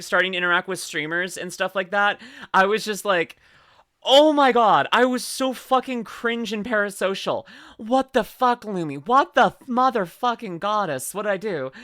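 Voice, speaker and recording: A young woman streaming as she reacts to videos, gushing, swearing freely and squealing with excitement. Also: medium pitch, no room sound. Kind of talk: casual live-stream chat.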